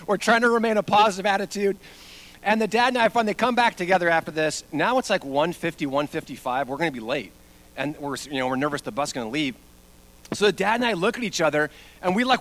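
A middle-aged man preaching a sermon, reading scripture and then telling a lively story, acting out the quoted lines. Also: high voice, fairly quick. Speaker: pastor.

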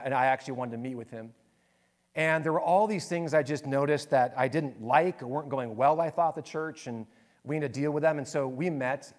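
A man in his forties, a pastor, giving a sermon and telling a personal story in an earnest, candid, self-deprecating way. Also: on the high side. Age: 40s.

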